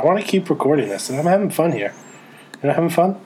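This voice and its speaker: A man's voice: a little high, very animated, fast, dark tone, a little hiss or hum, poor audio. A man co-hosting a casual podcast, joking around, laughing often and reading out history items. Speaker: podcast co-host. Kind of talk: casual chat.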